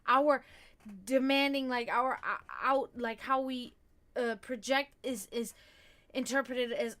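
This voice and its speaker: A young woman chats on her livestream in a bright, slightly high voice. She rambles candidly, full of fillers and frank swearing. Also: a little slow. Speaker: livestream host. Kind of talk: casual livestream chat.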